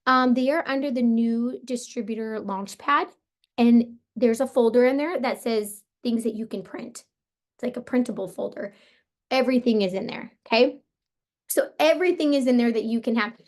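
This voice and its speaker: A woman with a hoarse, partly lost voice, coaching her sales team on a motivational call in a casual, upbeat way, full of "like" and "you guys". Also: on the high side, normal speed. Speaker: team leader coaching sellers.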